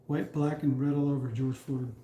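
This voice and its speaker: A man of middle pitch riffs through crude jokes on a home live stream, swearing freely and chuckling at his own punchlines. His voice carries a roomy echo. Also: fairly even intonation, measured pace, dark tone, a little hiss or hum. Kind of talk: casual chat.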